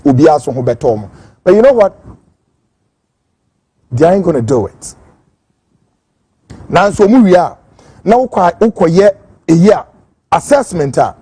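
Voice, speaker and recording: A man's voice: high voice, warm tone, breathy edge, no room sound. A Ghanaian man hosting a political commentary show, fiery and emphatic as he rants, switching between Twi and English. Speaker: host.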